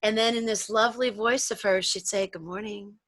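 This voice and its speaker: A woman co-hosting a talk show, reminiscing in a rambling, animated storytelling way with frequent restarts. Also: a little high, fairly quick, no echo. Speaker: co-host. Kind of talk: casual storytelling chat.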